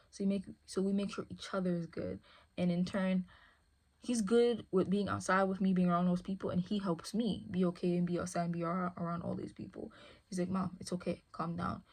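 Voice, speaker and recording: A woman's voice: on the low side, darkish tone. A woman who handles a service dog, talking casually and rambling, often asking "you feel me". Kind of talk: casual chat.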